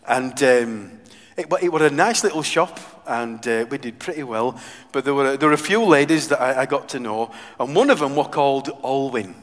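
A man delivers a sermon, pressing his points with loud emphasis before dropping to hushed, earnest asides. His voice carries a long reverb from the hall around him. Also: mid-range voice. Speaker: preacher.

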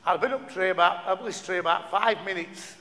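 A man's voice: high voice, brisk, bright, forceful tone. A man preaching a sermon, stumbling over restarts and asking the listeners rhetorical questions. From northern England. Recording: long hall reverb.

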